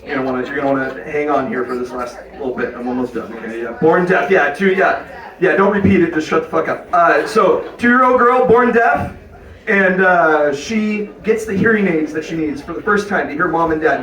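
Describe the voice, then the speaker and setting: A man's voice: a little high, brisk, fairly bright tone. A man doing a stand-up comedy set, talking in a rambling, conversational way full of fillers. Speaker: stand-up comic. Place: comedy club stage. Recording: echoey club from a distant mic with crowd.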